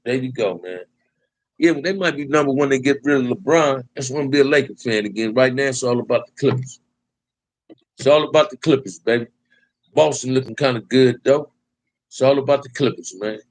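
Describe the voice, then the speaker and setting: A man's voice: medium pitch, a little fast, poor audio. A man from Compton hosting a casual live stream, reading viewer comments and answering them in laid-back, slang-heavy talk that keeps ending on "man". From Compton, California. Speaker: livestream host.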